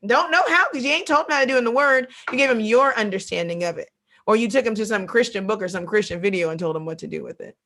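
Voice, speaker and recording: She's a fast talker with a medium-pitched voice, delivering a Bible lesson in an animated, sermon-like way. Quoted voices get acted out, and she repeats phrases to drive points home.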